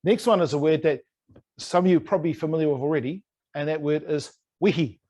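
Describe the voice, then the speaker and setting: Brief: a male New language teacher, playful and a touch high-voiced, drilling words over a video call. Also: quick pace, a little mellow. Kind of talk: online language lesson.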